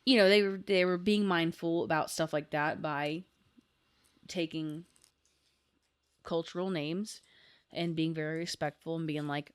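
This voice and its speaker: Low-voiced rambling woman co-host. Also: steady tone, moderate pace, pauses often, clean tone. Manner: rambling, full of "like" fillers, enthusiastic. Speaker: podcast co-host. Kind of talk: casual chat.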